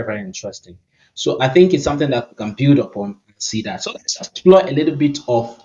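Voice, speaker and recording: A chatty, upbeat man with a Nigerian accent walks viewers through a screen-recorded tech demo and thinks aloud as he goes. His voice sits at an ordinary middle pitch. The recording is dull and a little lo-fi. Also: darkish tone. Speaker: tech YouTuber. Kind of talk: casual screen-recording tutorial.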